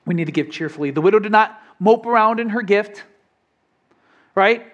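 Young male preacher, casual sermon delivery, voice sits a bit high, keeps checking in with the congregation. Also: normal speed, lo-fi sound. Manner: conversational preaching, asks congregation questions. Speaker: pastor.

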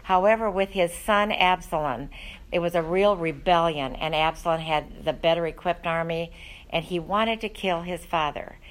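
A woman's voice: fairly low pitch, moderate pace, low-quality recording. A woman teaching a Bible study, talking in an earnest, conversational way with frequent ums and uhs.

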